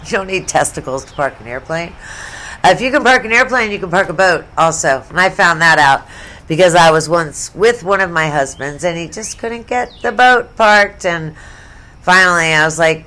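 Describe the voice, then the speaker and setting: A woman's voice: lowish voice, animated, normal speed, a bit bright. Chatty, blunt middle-aged woman vlogger. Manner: chatty, blunt and profane, with asides. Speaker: sports vlogger. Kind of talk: casual storytelling vlog.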